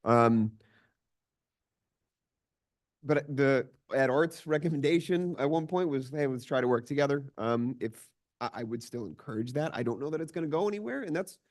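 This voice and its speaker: A man chairing a village commission meeting, trying to calm two colleagues in a conciliatory, halting way. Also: medium pitch. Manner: conciliatory, hesitant, many fillers and restarts.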